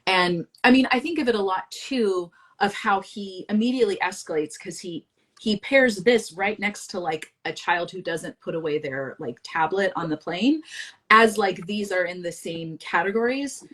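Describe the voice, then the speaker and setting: A woman co-hosting a casual live-stream discussion, thinking out loud in a reflective, hedging way. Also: medium pitch, expressive, normal speed. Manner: reflective, talks her thoughts through with hedges. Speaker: co-host.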